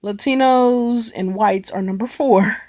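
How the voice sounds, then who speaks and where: With a fairly high, darkish voice and an unhurried delivery, a young Cleveland woman tells a meandering vlog story. She's from the United States, leans heavily on slang, and swears freely as she talks.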